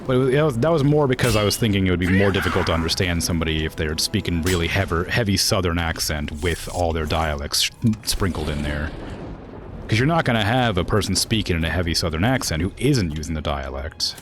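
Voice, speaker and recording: A man's voice: low voice, animated, fast talker, noisy background. A young man from Florida streaming a game in casual, rambling chat, full of fillers and laughter.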